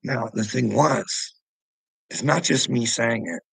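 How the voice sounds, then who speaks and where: A man's voice: mid-range voice, expressive, slow pace, creaky, fairly bright tone, slightly rough, no room sound, low-quality recording. A middle-aged man delivering an agitated, profane vlog rant. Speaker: vlogger. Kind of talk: ranting vlog monologue.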